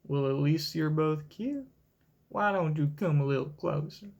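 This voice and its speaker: A bossy, flirtatious woman marine officer who cracks a whip and drawls in a country accent, as a man puts her on. She talks in a commanding, teasing way, set a little high. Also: unhurried, vocal fry, a little mellow, muffled recording. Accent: American Southern country, put on.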